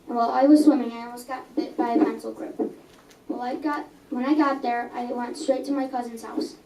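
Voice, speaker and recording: A woman's voice: on the high side, steady tone, fairly quick, dark tone, slight background noise. A young reader reading her own story aloud in a coffee house, earnest, with small stumbles and self-corrections. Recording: echoey room, mic at a distance.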